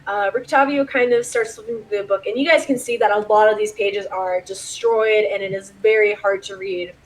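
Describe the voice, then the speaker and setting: A woman's voice: mid-range voice, steady tone, moderate pace, low-quality recording. A woman running a tabletop game online, talking casually, laughing often and swearing freely. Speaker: game master.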